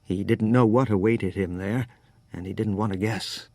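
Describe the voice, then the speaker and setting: A man reads an audiobook in a steady, measured storytelling style. His voice is on the low side, and the recording is dry. It's scripted narration.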